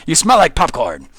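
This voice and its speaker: Excitable giggly man streaming. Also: sits high, vocal fry, slightly rough, dry recording. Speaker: game streamer. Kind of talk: casual live-stream commentary.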